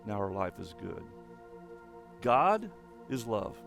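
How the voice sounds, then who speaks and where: A man's voice: medium pitch, moderate pace, vocal fry, soft background music. A man giving an earnest online sermon to teenagers as their youth pastor. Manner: earnest, speaks straight to teens.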